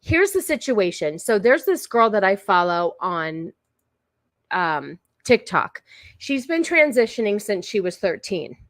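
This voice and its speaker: A woman's voice: mid-range voice, big pitch swings, unhurried, no room sound, studio quality. A woman hosting a casual live stream, talking in a chatty, rambling way with many fillers and restarts. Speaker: streamer host.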